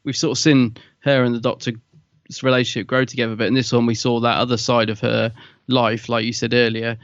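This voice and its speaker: A man's voice: medium pitch, level tone, brisk, no echo, muffled recording. A man co-hosting a podcast, agreeable and easygoing in casual review chat. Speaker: podcast co-host.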